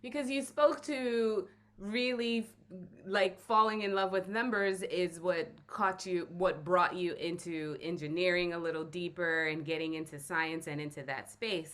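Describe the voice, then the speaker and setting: A woman's voice: on the low side, a bit bright. A woman hosting an interview show, upbeat and enthusiastic as she introduces and questions her guest. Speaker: show host.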